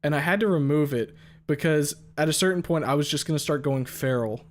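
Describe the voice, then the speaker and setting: A man's voice: fairly high pitch, fairly quick. A young man hosting a stream, chatting loosely and cursing often, with a lot of fillers. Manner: loose and profane, many fillers. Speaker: streamer host. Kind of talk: casual stream chat.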